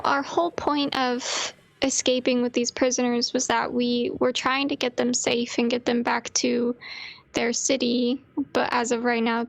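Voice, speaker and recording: A woman player in a tabletop role-play, speaking softly and hesitantly with frequent ums and restarts. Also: on the high side, creaky.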